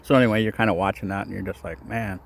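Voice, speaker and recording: A man's voice: fairly low pitch, rapid-fire, vocal fry. A man giving a casual devotional talk outdoors in the cold. His voice is a bit shaky from the cold, and he rambles with lots of fillers. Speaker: faith vlogger.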